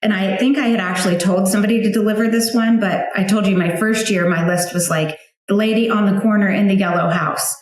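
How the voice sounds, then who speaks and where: A woman's voice: mid-range voice, fairly even intonation, a little fast, few pauses, very echoey. Chatty mother telling a heartfelt story. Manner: chatty, emotional storytelling with many fillers. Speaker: guest, founder of a flower outreach for widows. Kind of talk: personal storytelling interview.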